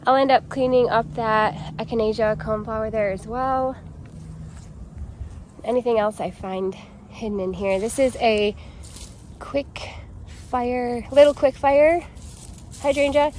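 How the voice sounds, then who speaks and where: A woman's voice: a little high, moderate pace, a little mellow, slight background noise. A woman vlogging about her home garden in a casual, rambling chat, talking straight to her viewers while she works outdoors.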